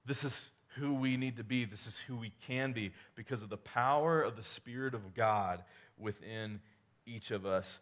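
A man's voice: mid-range voice, normal speed, a bit bright. A male pastor preaching a conversational sermon, asking the congregation rhetorical questions and restarting his sentences as he goes.

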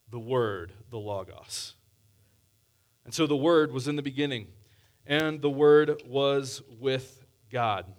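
Man preaching an earnest conversational sermon. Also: mid-range voice. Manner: earnest, conversational with scripture readings. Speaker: pastor.

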